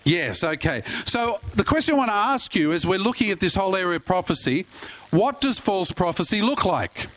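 An Australian man preaching a sermon. His voice sits high for a man. He talks to the congregation in a casual, chatty way, with folksy asides and frequent questions to them. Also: big pitch swings, a little fast, a bit bright, low-quality recording. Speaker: pastor.

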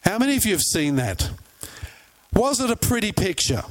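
Man, pastor, high voice, animated sermon, quizzes the congregation. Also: normal speed. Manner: animated storyteller, asks the crowd questions.

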